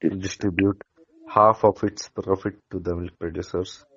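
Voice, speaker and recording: Brief: low-pitched man, student, reads a lesson slowly with stumbles, dull lo-fi recording. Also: little pitch movement, fairly bright tone, slight background noise. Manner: halting reader with small slips and restarts. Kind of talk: reading a textbook lesson aloud.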